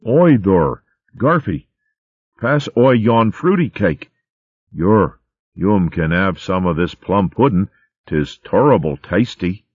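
A man putting on a tiny, greedy baby mole with a thick, drawling country dialect, pitched well above his own low voice. The delivery is slow and broad, the sound dry and a little dull, as from a close storybook reading. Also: very animated, breathy edge, no echo, heavily acted. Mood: eager. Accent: put-on rustic country dialect.

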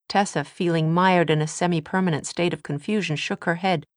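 A woman narrating a novel in an even, measured storytelling manner. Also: sits low, no room sound, clean studio sound. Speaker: audiobook narrator.

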